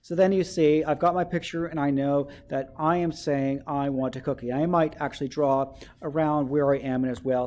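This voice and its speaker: A man's voice: a little high, darkish tone. A male teacher giving a writing lesson to children, explaining step by step and often checking in with "okay?".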